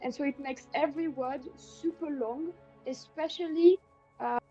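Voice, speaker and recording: Woman, French accent, high mellow voice, hesitant tutor, muffled lo-fi call audio, faint music. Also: moderate pace. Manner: hesitant, searches for words. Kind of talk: casual explaining.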